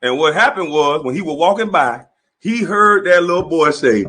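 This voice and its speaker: A man's voice: a little high, lively intonation, normal speed, bright, forceful tone. A man delivering a profane comedic roast rant, laughing often as he goes. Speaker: commentator.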